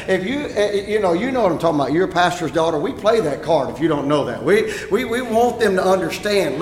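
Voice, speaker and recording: A pastor telling a story in his sermon, animated and rising to shouts at times. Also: high voice, a little fast. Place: church sanctuary. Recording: echoey church hall.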